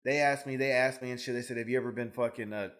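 A man on a casual podcast rattles off stories at a quick clip, cursing all the way. His pitch stays in an ordinary middle range. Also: fairly even intonation, fairly bright tone. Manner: fast, profane storyteller. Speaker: podcast co-host. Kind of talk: casual chat.

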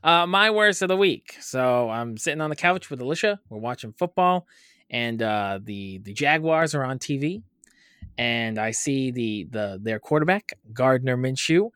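A man cohosts a sports podcast and tells a story with a laugh never far away. His voice sits at an ordinary middle pitch and is recorded dry and close, with no room sound around it. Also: animated, normal speed, fairly bright tone, smooth, no echo. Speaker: podcast co-host. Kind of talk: casual chat.

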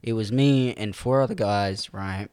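A young man co-hosting a casual chat, telling stories with lively acted-out quotes and frequent laughs. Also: lowish voice, measured pace, clean tone, no echo, clean studio sound. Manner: animated storyteller, acts out quotes, laughs often. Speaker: podcast co-host.

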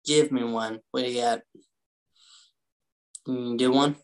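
A man's voice: medium pitch, fairly even intonation, a little slow. A laid-back man in his thirties co-hosting a podcast in casual chat, mostly giving short agreeing replies. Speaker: podcast co-host.

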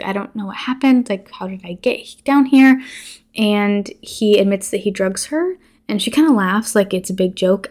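A woman's voice: medium pitch, a little mellow. Chatty young woman recapping a movie. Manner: chatty, filler-heavy, blunt and profane. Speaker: podcast host.

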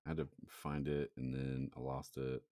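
Podcast co-host, man, extremely deep low voice, rambling easygoing talk, dry close mic. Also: monotone, moderate pace, mellow, no echo. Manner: rambling, laid-back storytelling with many fillers. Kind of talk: casual chat.

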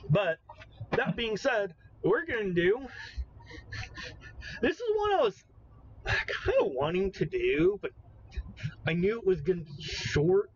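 A high-pitched man co-hosting a casual podcast chat. His voice swings widely as he exclaims, swears and riffs excitably. The recording is a little muffled, with a faint hiss behind it. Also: takes it slowly, pauses often. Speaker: podcast co-host. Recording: slightly muffled with faint noise.

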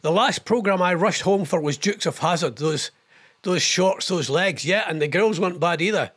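A man's voice: high voice, a bit bright. An older man hosting a casual live show, chatting in a rambling way about old television and reading viewer messages. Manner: rambling, chatty, quick impressions and laughs. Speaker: host of a live online radio show.

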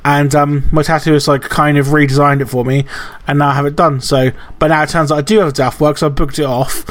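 Bloke on a podcast, a bit high voiced, swears a lot and laughs mid-story. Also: male voice, flat delivery, fast. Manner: swears a lot, laughs through his stories. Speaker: podcast co-host. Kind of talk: casual chat.

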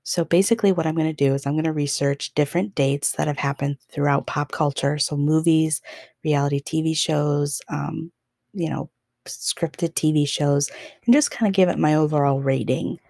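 A woman's voice: low-pitched, steady tone, moderate pace, vocal fry, warm tone, no room sound, studio quality. A young woman hosting a podcast, telling a story in a casual, chatty way with lots of fillers and laughs. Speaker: podcast host.

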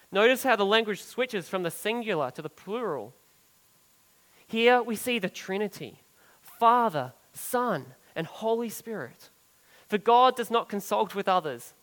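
Pastor, male, high-pitched, earnest sermon delivery that swells and then hushes. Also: expressive, a little slow, big-room sound, low-quality recording. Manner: earnest preaching that swells for emphasis and drops soft and low on key phrases.

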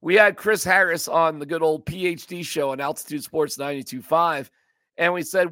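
A man hosts a sports podcast in a casual, emphatic rant. His voice sits high and sounds bright and forceful, animated and joking. The sound is dry and close-miked. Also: moderate pace, no echo.

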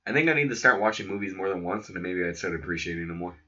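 A man's voice: low-pitched, expressive, very fast, bright, forceful tone. A young man chatting casually about movies, joking and swearing a lot. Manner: profane, joking, acts out quotes. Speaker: podcast co-host. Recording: dull lo-fi sound.

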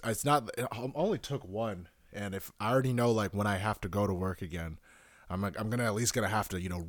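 A man's voice: fairly low pitch, no room sound, clean studio sound. A young man hosting a solo podcast, rambling casually with lots of swearing and restarts. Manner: rambling, profane, self-correcting. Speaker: podcast host.

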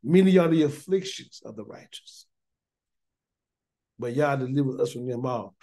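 A man's voice: mid-range voice, animated, moderate pace, warm tone. A man teaching a Torah study in an informal, preachy sermon style, talking in a colloquial way, often repeating words and firing off rhetorical questions. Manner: colloquial Southern-leaning speech with "y'all" and "gonna". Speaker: Bible teacher.

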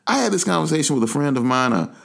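Man, from Atlanta, gravelly voice, lively swinging pitch, passionate commentary host. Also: fast talker. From Atlanta, USA. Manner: passionate, emphatic, preachy asides. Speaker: podcast host. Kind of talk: impassioned commentary monologue.

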